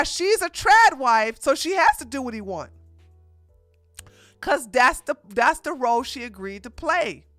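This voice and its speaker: A woman's voice: on the high side, pushed and bright, clear, resonant tone, dry recording. A woman giving casual reaction commentary, blunt and emphatic, lecturing in slangy speech. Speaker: commentary streamer.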